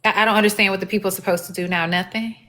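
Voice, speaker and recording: A woman's voice: mid-range voice, steady tone, racing, sharp tone. A woman hosting a live stream, talking casually in a blunt, profane and aggravated way. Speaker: livestream host.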